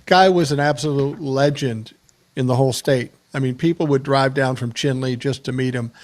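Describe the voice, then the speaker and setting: A man's voice: medium pitch, steady tone, moderate pace. An older man hosting a podcast, chatting casually and telling stories with easy laughter. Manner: storytelling, laughs easily. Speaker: podcast host. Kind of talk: casual chat.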